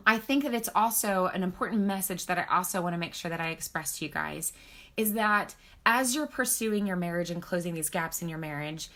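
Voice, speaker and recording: A woman's voice: lowish voice, expressive, moderate pace, a bit bright. A woman marriage counselor speaking on a live stream, talking earnestly and encouragingly, checking in with her viewers and reading out their comments. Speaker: marriage counselor and author hosting a book club live stream. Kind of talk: casual teaching on a live video stream.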